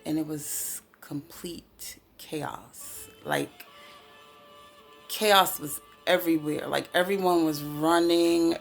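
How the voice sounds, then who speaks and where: A woman from the New York City area tells of a dream, her low voice carrying a gravelly fry. She talks slowly and haltingly, with many fillers and pauses, and grows emotional as she speaks. Faint music plays behind her. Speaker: Christian speaker sharing a dream. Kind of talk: casual testimony.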